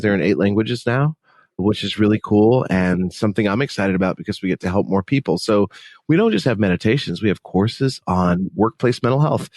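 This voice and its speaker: A man, a podcast guest, speaking in an animated, emphatic, conversational way. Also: on the low side, no echo. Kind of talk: conversational interview.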